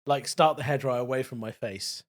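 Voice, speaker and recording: A man's voice: mid-range voice, normal speed. A young man, a comedian talking casually on a podcast in a blunt, frank way.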